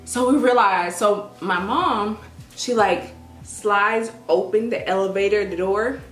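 A young woman vlogger telling a story in a casual, dramatic, animated way. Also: mid-range voice, slow pace. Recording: echoey room with faint music.

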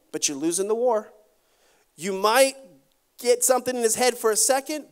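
Guy pastor preaching a sermon, animated, acts out little quotes and jokes around. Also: high-pitched.

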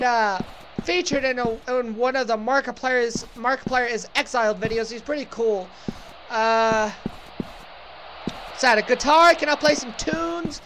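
High-voiced sarcastic woman gamer. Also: noisy background. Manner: sarcastic, joking, talks to the game. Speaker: let's play gamer. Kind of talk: casual gameplay commentary.

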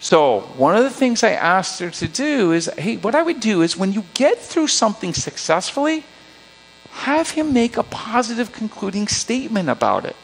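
A middle-aged man giving a forum talk to parents, animated and storytelling, acting out quotes. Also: high voice, normal speed, vocal fry. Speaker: school psychologist presenting to parents. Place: school auditorium. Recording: long hall reverb.

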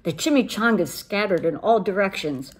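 A woman reading a children's picture book aloud as storyteller, expressive and animated. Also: medium pitch, moderate pace.

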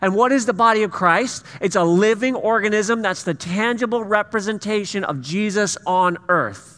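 Bright-voiced male pastor, sermon in hall. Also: high-pitched, moderate pace. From US Pacific Northwest. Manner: conversational storytelling with self-deprecating humor. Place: church sanctuary. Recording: church hall reverb.

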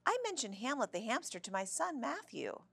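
A woman voicing a loud, cheery older woman who works as a lunch lady and chatters on in a bubbly way. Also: medium pitch, very animated, normal speed, vocal fry, pitched above the performer's own voice.

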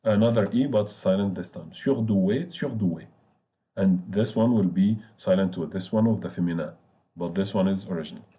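A man's voice: fairly low pitch, dark tone. Patient man teaching a language lesson. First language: Arabic. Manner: patient, repetitive, spells out words slowly. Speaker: French teacher.

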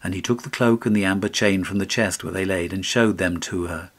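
A man with a fairly low voice reads a fairy tale as a scripted audiobook. His narration is measured and steady, with a clear storytelling pace.

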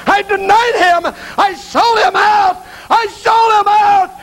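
A man voicing a guilt-ridden traitor tormented in hell, swinging from hushed confession to anguished shouting. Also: high-pitched, very animated, moderate pace, vocal fry, slightly rough, heavily acted. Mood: frantic torment.

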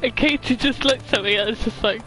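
A young streamer chatting and telling rambling stories while playing a game, laughing often and yelling at it when things go wrong. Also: mid-range voice, brisk, rough recording. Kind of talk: live gameplay chat.

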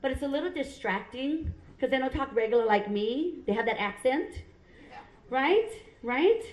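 A woman's voice: sits high, lively intonation, moderate pace, muffled recording. A middle-aged woman from Hawaii, doing stand-up comedy on a club stage, punchy and self-mocking as she chats with the crowd. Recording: roomy club sound.

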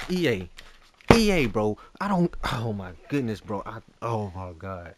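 A man giving live commentary over his own gameplay as a YouTuber, ranting in exasperation and swinging between muttering and shouting. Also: on the low side, sing-song, measured pace, background noise. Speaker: gaming YouTuber.

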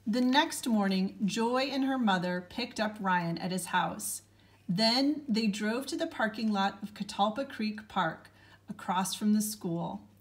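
A woman narrating a children's storybook aloud with a clear, gentle storytelling delivery. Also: medium pitch, animated, measured pace.

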